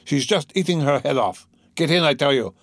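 A man voicing a brutal, boastful drunken young peasant who bullies with loud shouts. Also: fairly high pitch, expressive, a little fast, no room sound. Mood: boisterous.

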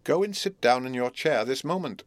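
A man voicing a haughty, imperious mother who scolds in a shrill, indignant tone. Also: expressive, a little fast, no room sound, close to an everyday voice.

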